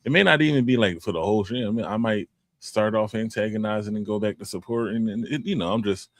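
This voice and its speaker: A man's voice: lowish voice, fast, no room sound, clean studio sound. A middle-aged man co-hosting a podcast, talking in a laid-back, rambling way with lots of restarts. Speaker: podcast co-host. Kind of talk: casual chat.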